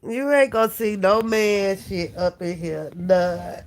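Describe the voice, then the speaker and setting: Gravelly, slow-talking sick woman vlogger. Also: medium pitch. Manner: profane, laughing, bantering with chat. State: sick with a cold. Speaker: vlogger talking to live chat. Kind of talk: casual live-stream chat. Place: in bed at home.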